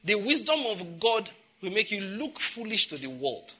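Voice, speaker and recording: A man with a Nigerian accent preaching a sermon, emphatic and repetitive, with sudden loud outbursts and asides in pidgin. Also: sits high, big pitch swings, normal speed, breathy edge.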